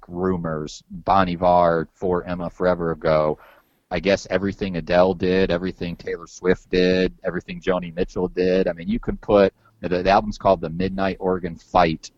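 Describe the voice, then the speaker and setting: A man's voice: sits low, no room sound, muffled recording. A man hosting a podcast in casual chat, rambling and loose with some swearing and many repeated words. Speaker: podcast host.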